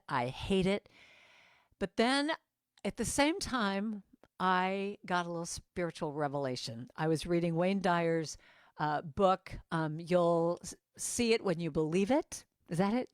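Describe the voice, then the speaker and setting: A woman giving a lively storytelling message at a church service, acting out the voices of people in her story. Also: fairly low pitch, dry recording, studio quality. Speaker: guest musician and speaker. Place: church sanctuary.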